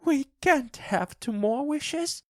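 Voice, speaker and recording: A man voicing a grieving older woman who pleads and cries out in a high, desperate voice. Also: sing-song, slow, darkish tone, no room sound, clean studio sound, heavily acted. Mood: frantic.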